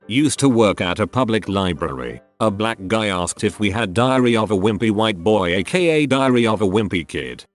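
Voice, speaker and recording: Man, narrator, reading stories aloud, lively intonation, faint music behind. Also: lowish voice.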